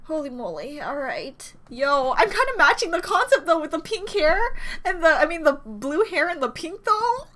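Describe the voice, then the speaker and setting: A woman's voice: high voice, very animated, moderate pace, fairly bright tone. A woman reacting to music content as a fan vlogger, rambling giddily between squeals and laughs. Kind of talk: excited fan reaction chat.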